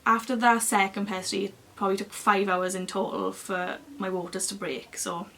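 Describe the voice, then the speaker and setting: A young woman, chatting casually to camera as she tells a long personal story in an expressive, lively way. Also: medium pitch, moderate pace, gravelly, a little hiss or hum. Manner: chatty and expressive, acting out other people's lines. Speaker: beauty vlogger.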